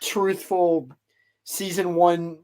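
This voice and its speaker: A man's voice: high-pitched, flat delivery, drawn-out words, mellow, clean tone. Rambling male podcast storyteller. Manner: rambling, filler-heavy retelling. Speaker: podcast host. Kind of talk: casual storytelling chat.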